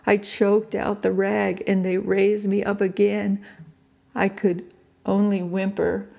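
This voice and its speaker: A woman reading her own book aloud in a grave, measured first-person storytelling manner. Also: mid-range voice, flat delivery, gravelly, warm tone. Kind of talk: audiobook narration.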